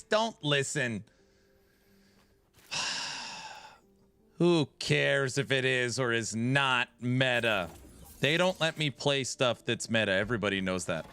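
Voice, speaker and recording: A man's voice: medium pitch, slow pace, pushed and bright, smooth. A man streaming a game build, chatting casually with his viewers in a self-mocking, talk-back way. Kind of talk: casual live-stream chat while gaming.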